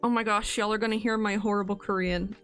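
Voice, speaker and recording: Reading birthday messages on a casual stream, the young woman in her twenties giggles frequently and gets choked up. Her pitch is medium and steady, a little bright, delivered at a quick pace over faint background music.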